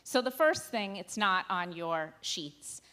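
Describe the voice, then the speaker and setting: A woman's voice: mid-range voice, big pitch swings, slow pace, bright, forceful tone, clean tone. A woman rabbi teaching a sermon text study, speaking conversationally with wry asides to the congregation and dramatizing quoted lines. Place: synagogue sanctuary.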